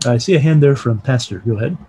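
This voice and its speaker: A man leading an online Bible study over a video call. He reads quoted passages aloud and then explains them calmly. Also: medium pitch, quick pace, slightly rough, rough recording.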